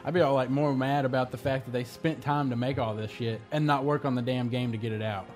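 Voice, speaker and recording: Fast-talking wisecracking man. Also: medium pitch, steady tone, a little mellow, faint music behind. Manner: quick wisecracking interjections. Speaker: podcast co-host. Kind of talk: casual chat.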